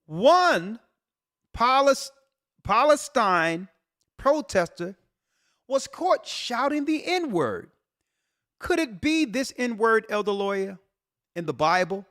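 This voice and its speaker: With an extremely high pitch, a man takes his time and pauses often as he comments on a news article. He is a church elder and show host, preaching animatedly through rhetorical questions and repeated emphasis.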